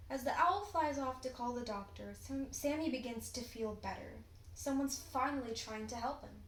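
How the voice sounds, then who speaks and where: A teenage girl with a fairly high voice reads a children's storybook aloud, expressive and deliberate. The recording sounds roomy and echoey, with a faint hum underneath.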